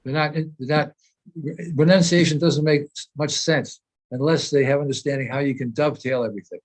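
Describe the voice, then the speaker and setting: A man's voice: a little high, steady tone, brisk. A man speaking as a spiritual teacher in an informal discussion, earnest and explanatory, often repeating phrases as he searches for words.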